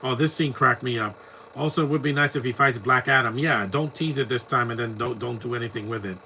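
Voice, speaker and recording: A man's voice: mid-range voice, fairly quick, sharp tone, slight background noise. A man giving casual live commentary over a movie, mocking scenes and laughing often.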